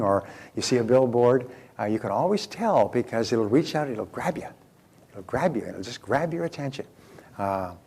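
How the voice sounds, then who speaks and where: Gravelly older man telling a seminar story. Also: medium pitch, darkish tone. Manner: folksy storytelling with many fillers and restarts. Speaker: motivational speaker.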